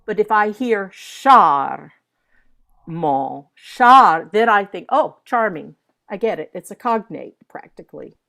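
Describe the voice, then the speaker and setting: A woman's voice: medium pitch, lively intonation, moderate pace, gravelly. An older woman teaching a masterclass for singers, carefully sounding out French words syllable by syllable. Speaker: voice coach.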